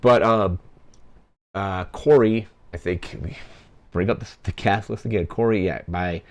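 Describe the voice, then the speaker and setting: A young man hosts a podcast, casually recapping a film's plot in a rambling way loaded with "like" fillers. His voice is low-pitched and a little slow.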